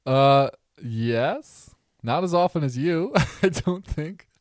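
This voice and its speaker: A young man from the American Midwest with a Midwest accent, co-hosting a podcast in relaxed, rambling casual chat. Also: a little high, slow pace, no room sound, studio quality. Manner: relaxed, rambling, laughs often. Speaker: podcast co-host.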